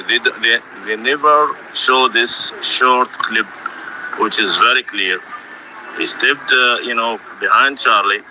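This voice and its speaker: Slow, halting man on a noisy call. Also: mid-range voice, pushed and bright. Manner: halting, searching for words. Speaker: caller. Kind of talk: casual chat.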